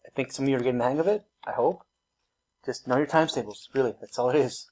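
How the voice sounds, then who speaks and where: Talking fast in a darkish mid-range voice, a man works through a recorded math lesson one step at a time, with a faint hiss or hum underneath. He keeps it casual, poking fun at himself and laughing at his own slips.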